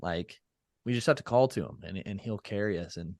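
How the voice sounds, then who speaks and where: A man's voice: fairly low pitch, fairly quick, dry recording, studio quality. A man as a podcast guest in casual interview chat, reflective and loose, with many fillers and restarts.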